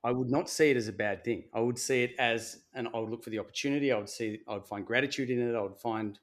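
A man talking as a podcast guest and coach, earnest and motivational, swearing casually in relaxed conversation. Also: mid-range voice, fast.

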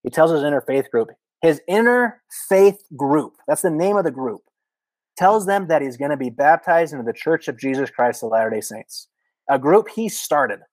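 A man in his thirties tells a story on a podcast, jumping up high in pitch whenever he acts out a scream or a quote. His voice sits mid-range and the sound is dry and close. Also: fairly quick, no echo, poor audio. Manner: animated storyteller, many "like" fillers, acts out quotes. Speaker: podcast guest, former missionary. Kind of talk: casual storytelling.

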